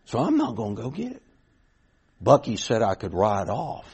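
A man's voice: lowish voice, huge pitch swings, moderate pace, a little mellow, breathy edge. A middle-aged man preaching a sermon, telling a folksy story with repeated starts that builds to emphatic points.

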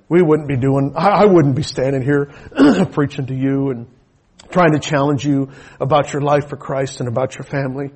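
A middle-aged male pastor preaches a sermon that includes personal testimony, shifting from quiet storytelling to shouted preaching. His voice is husky and on the high side.

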